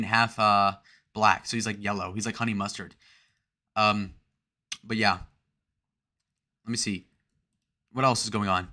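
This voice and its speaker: A man's voice: mid-range voice, sharp tone. A young man hosting a livestream, rambling crudely and joking as he reads out and answers chat messages. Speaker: livestream host.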